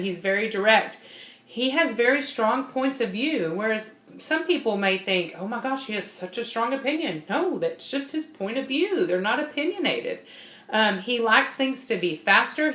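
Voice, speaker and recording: A woman's voice: medium pitch, fairly bright tone, reverberant. A woman giving an informal, bubbly personality-type training talk, laughing often and unable to sit still.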